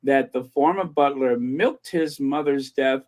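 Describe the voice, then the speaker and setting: A man's voice: medium pitch, a little mellow. A man hosting a commentary channel in casual chat, laughing and repeating himself as he rambles. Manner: chatty, slow, laughs between words, repeats himself.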